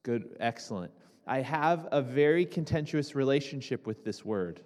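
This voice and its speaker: A man's voice: mid-range voice, lively intonation, normal speed, darkish tone. A young man preaching a sermon to a congregation, talking casually with restarts and asides. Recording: reverberant hall.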